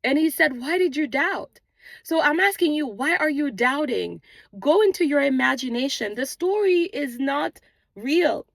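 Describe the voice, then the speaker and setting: Gravelly-voiced woman preaching spiritual encouragement. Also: high-pitched, animated, normal speed, no room sound. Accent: non-native English accent, origin unstated. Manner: earnest, repetitive preaching cadence. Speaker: manifestation channel host. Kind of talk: spiritual motivational talk. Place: outdoors on a morning walk.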